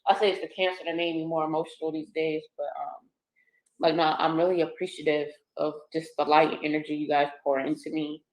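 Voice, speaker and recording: A woman's voice: sits low, little pitch movement. Emotional woman guest in an echoey room. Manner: soft, halting, with many pauses. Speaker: poet and activist guest. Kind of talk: interview answers.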